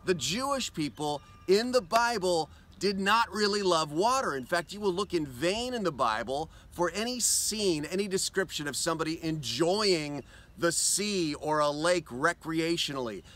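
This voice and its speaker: A man delivers a short devotional outdoors on a lakeshore, earnest and inviting. His voice sits fairly high and bright, with a lively rise and fall. He slows right down when he quotes scripture. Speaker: pastor. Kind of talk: devotional video talk.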